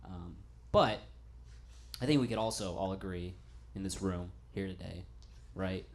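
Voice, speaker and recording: A man doing a stand-up set in a small studio in front of a live audience, talking in an offhand, deadpan way that breaks into loud comic rants. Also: low-pitched, measured pace, a little hiss or hum. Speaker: stand-up comedian.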